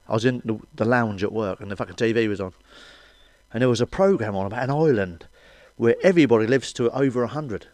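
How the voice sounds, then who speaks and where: A middle-aged man telling crude stand-up jokes with blunt, sweary, deadpan asides. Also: medium pitch, dry recording. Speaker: stand-up comedian. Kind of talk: crude stand-up one-liners.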